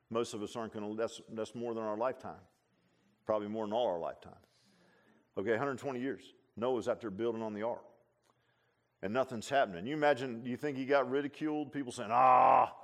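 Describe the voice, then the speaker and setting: A pastor preaches in a folksy, conversational way. He leans into loud, emphatic calls, then drops to low, quiet asides. His voice sits a touch high for a man. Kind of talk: sermon.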